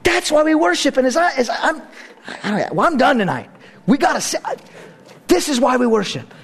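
A middle-aged man preaching a sermon, animated, swinging between hushed and loud, with playful asides. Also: extremely high pitch, brisk, slightly rough. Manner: playful asides and self-mocking humor. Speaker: pastor.

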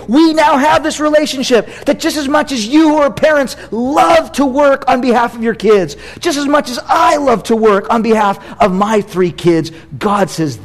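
A middle-aged American man preaching a sermon as pastor, conversational and animated, with playful asides. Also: very high-pitched, moderate pace, hardly any pauses.

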